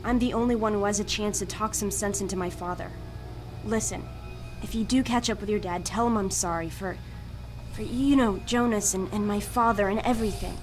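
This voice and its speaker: An actress voicing a sincere, dutiful young woman in a video game, concerned and gently firm. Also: mid-range voice, a little fast, faint music behind, close to an everyday voice. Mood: earnest.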